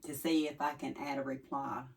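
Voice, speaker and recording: A woman's voice: extremely low pitch, flat delivery, moderate pace. Chatty woman with an East Tennessee drawl. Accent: Southern US, East Tennessee. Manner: folksy, chatty, wanders off track. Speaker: vlogger. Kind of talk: casual rambling chat to viewers. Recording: voice a little distant from the mic.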